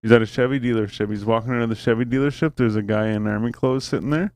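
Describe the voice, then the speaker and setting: A man's voice: mid-range voice, steady tone, quick pace, darkish tone. A man hosting a podcast, telling a long story in casual chat, swearing freely and piling on fillers. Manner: swears a lot, rambling storytelling with many fillers. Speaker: podcast host.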